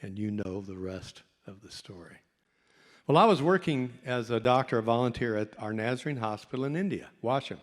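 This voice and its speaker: A man's voice: mid-range voice, animated, fairly quick. A middle-aged man, a doctor, tells a folksy, self-mocking story to a convention audience. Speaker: doctor and speaker. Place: convention hall. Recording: long hall reverb.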